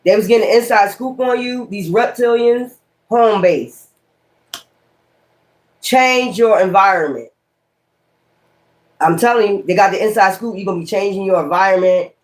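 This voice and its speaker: Speaking at a moderate pace with long pauses, the tarot reader talks in a medium-pitched voice. Her reading is casual, rambling, and blunt, laced with slang and profanity and repeated key words.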